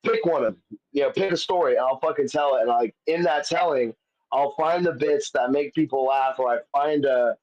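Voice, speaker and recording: A man's voice: medium pitch, fairly quick, a little mellow. A man, a comedian guest, telling stories in casual chat, swearing often and rambling with many fillers. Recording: dull lo-fi audio.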